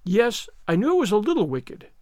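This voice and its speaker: A man's voice: sits high, huge pitch swings, brisk, darkish tone, no echo, clean studio sound, voice pushed up. A man reading the part of a dramatic, despairing young orphan girl in a storybook, full of theatrical self-pity. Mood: pleading. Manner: theatrical, self-pitying laments.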